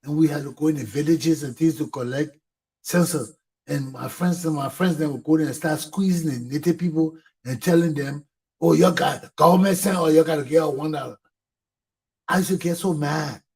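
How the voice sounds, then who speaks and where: A man's voice: a little high, moderate pace, pauses often, a little mellow, husky, low-quality recording. A middle-aged man with a Liberian English accent hosting a talk show, speaking in a fiery way, repeating points for emphasis and swearing. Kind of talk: impassioned talk show monologue.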